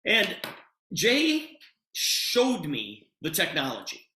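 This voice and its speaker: A middle-aged man presents a storytelling sales pitch, his voice rising and falling with animated swings in pitch. He acts out both sides of conversations and delivers everything in a bright, forceful tone. The sound carries a roomy echo. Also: drawn-out words. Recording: echoey room.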